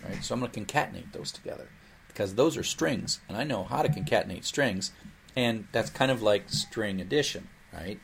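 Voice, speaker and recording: A man teaching programming in a recorded lecture, explaining in a lively way with playful asides. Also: lowish voice, brisk, vocal fry, slight background noise. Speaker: programming instructor.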